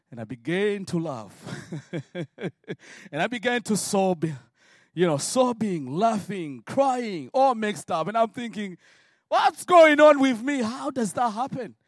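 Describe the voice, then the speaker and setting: A man from Africa preaching a sermon and telling his own story, swinging from hushed words to shouted prayer. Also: sits high, sing-song, a little slow, dry recording, clean studio sound. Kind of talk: sermon testimony.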